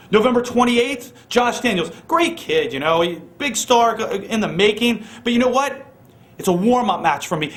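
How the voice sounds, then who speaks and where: A man cutting a wrestling promo, boasting loudly and then sinking into low, menacing whispers.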